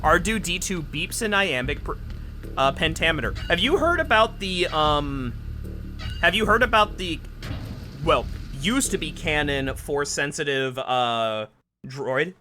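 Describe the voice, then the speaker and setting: A man's voice: fairly high pitch, animated, a little slow, bright, forceful tone, slight background noise. A man streaming a video game, chatting casually and rambling with restarts. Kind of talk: casual live-stream chat.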